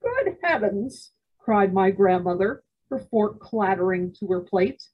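A woman reading a children's novel aloud for a library program, steady and expressive. Her voice is breathy and husky at mid pitch. The recording sounds dull and lo-fi. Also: unhurried. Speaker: library storyteller.

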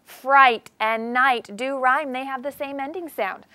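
Reading to young children in a classroom, this preschool teacher gives a storybook an expressive sing-song treatment and poses questions to them. She speaks a little slowly in a high-pitched voice, with no room sound.

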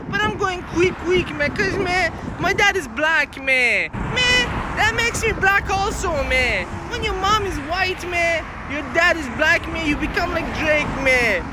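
A man doing a squeaky, goofy braggart. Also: very noisy, heavily acted. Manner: high, sing-song, says "man" after every phrase. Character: squeaky excitable young guy, boastful and goofy.

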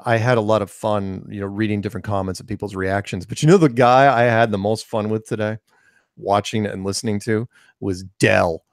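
Animated man telling stories in podcast chat. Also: fairly low pitch, fairly quick, dry recording, studio quality. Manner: animated storytelling, frequent restarts and fillers. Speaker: co-host. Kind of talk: casual conversational podcast.

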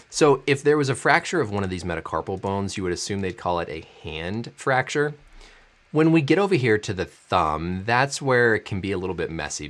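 A man who is a doctor, hosting a video and walking through a sports injury in a clear, enthusiastic explaining manner. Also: low voice, a bit bright.

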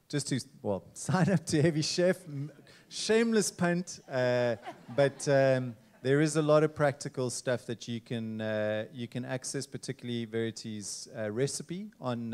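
A man in his forties hosting a live event, wrapping up casually with halting speech and many fillers. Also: medium pitch, a little mellow. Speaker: event host.

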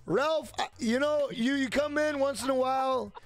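A young man streaming a game, loud and brash, yelling and swearing as he answers his chat. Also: very high-pitched, moderate pace, faint music behind. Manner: loud, yells to be heard; brash and profane, reads chat aloud. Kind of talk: casual live-stream chat.

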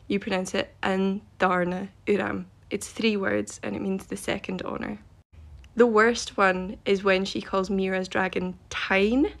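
A woman's voice: mid-range voice, creaky. A woman making a social media video, ranting bluntly and emphatically in an exasperated way.

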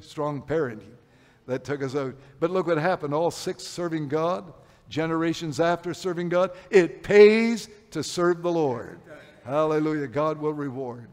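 An older man preaching a sermon, telling personal stories, rising loud then dropping low. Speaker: pastor. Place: church sanctuary. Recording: long hall reverb.

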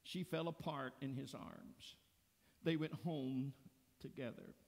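Pastor, male, slow deliberate sermon delivery, gravelly, churchy reverb. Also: medium pitch, fairly even intonation, a little mellow. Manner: slow, deliberate storytelling preacher. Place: church sanctuary.

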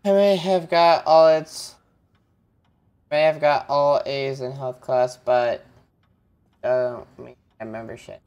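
A young man chatting casually with a friend while playing a multiplayer game, blunt and cursing casually, firing off quick questions. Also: medium pitch, steady tone, a little mellow, clear, resonant tone. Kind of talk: casual gaming voice chat.

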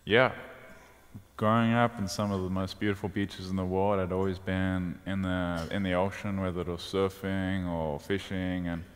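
Deep-voiced young South African man. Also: level tone, normal speed. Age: 20s. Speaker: guest swimmer. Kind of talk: stage interview. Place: church sanctuary. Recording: long reverb of a large hall.

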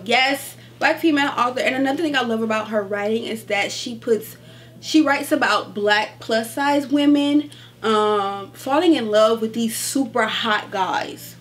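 A woman chatting casually about her book haul, animated and gushing, calling her viewers y'all. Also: a little high, a little hiss or hum. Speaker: book vlogger.

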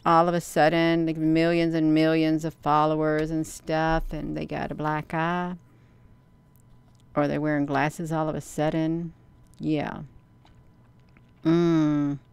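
Hosting a casual livestream, a woman rambles and answers viewers' comments in a folksy way, saying "you all" and "honey." Her low voice is monotone and a little slow, with a clean tone.

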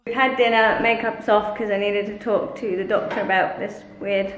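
A woman's voice: medium pitch, fairly even intonation, normal speed, over music. A young mother chatting casually to camera while playing with her children. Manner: chatty, playful with her kids. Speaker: family vlogger, mother. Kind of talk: casual vlog chat.

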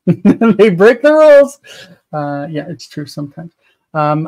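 A man with a slightly higher voice than most walks through grammar exercises in a live online lesson. He explains methodically, pausing often with a filler as he thinks. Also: a little mellow. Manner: methodical, explains with many uh pauses. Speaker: co-host teaching Biblical Hebrew.

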